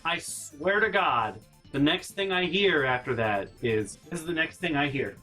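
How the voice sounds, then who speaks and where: Exasperated, lively man telling stories. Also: a little high, normal speed, soft background music. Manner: exasperated, incredulous rants with repeated no's. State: sick and out of breath. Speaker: vlog host. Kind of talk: casual storytelling monologue.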